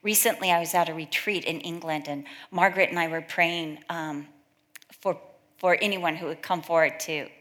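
A woman's voice: on the low side, steady tone, moderate pace, fairly bright tone. A middle-aged woman giving a sermon in a conversational, storytelling style, acting out quoted voices as she goes. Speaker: speaker at a church gathering. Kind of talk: sermon with personal stories.

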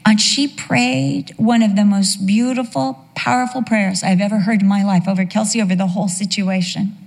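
A middle-aged woman preaching, telling a personal story with emotional emphasis. Her voice sits at a middle pitch. A long reverb from a large hall follows her words. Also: fairly even intonation, normal speed, creaky, hardly any pauses. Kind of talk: sermon storytelling.

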